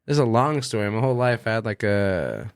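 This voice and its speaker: A man's voice: lowish voice, very animated, brisk, smooth, no room sound, clean studio sound. A young adult man, a musician guest, telling a long story casually, full of fillers and swearing. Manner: rambling, heavy on fillers and swearing.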